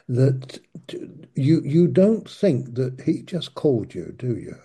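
A man teaching from the Bible in an informal, conversational way, slow and halting, often restarting his sentences. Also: medium pitch, big pitch swings, dark tone, husky. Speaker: preacher.

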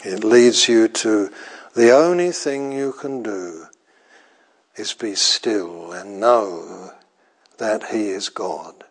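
An older man preaching a sermon in a slow, deliberate way, pausing often and repeating phrases for weight. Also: fairly low pitch, husky.

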